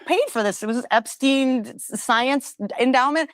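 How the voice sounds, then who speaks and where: A woman's voice: high voice, unhurried, no room sound, clean studio sound. A woman in her forties, a mother, talking in a wry, incredulous, joking way. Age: 40s. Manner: incredulous, wry, breaks into laughter. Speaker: mother and online commentator. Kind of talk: casual joking commentary.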